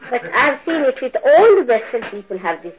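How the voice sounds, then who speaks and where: An older woman giving a spiritual talk to followers, animated and laughing, mimicking people as she speaks. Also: high-pitched, brisk, a crowd in the background, rough recording. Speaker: spiritual teacher. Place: lecture hall.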